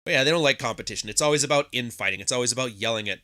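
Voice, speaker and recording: A man's voice: mid-range voice, racing, pushed and bright. A man hosting a podcast, talking casually in a profane, sarcastic monologue, often mimicking people mockingly. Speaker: podcast host.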